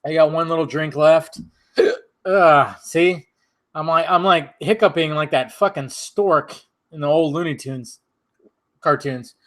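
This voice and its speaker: A man's voice: on the high side, a little slow, fairly bright tone. A man hosting a casual drinking stream, rambling, swearing and laughing while he has the hiccups. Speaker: channel host.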